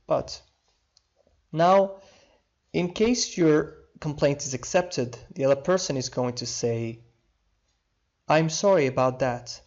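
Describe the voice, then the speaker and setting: A man's voice: mid-range voice, darkish tone. Guy teaching english online, says every phrase twice, kinda dull lo-fi sound. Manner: repeats each phrase twice, slow and clear. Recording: slightly dull lo-fi audio.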